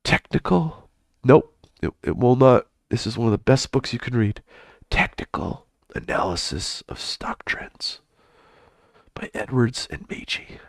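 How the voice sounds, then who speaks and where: A man's voice: medium pitch, very animated, measured pace, gravelly, no echo, clean studio sound. A man hosting a live trading stream, chatting casually and with plenty of swearing, often mumbling in a half-whisper.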